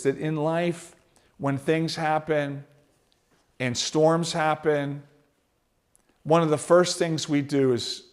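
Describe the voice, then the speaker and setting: A pastor preaching a sermon with personal stories, swinging between loud urgency and hushed, quiet moments. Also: male voice, on the high side, slow pace.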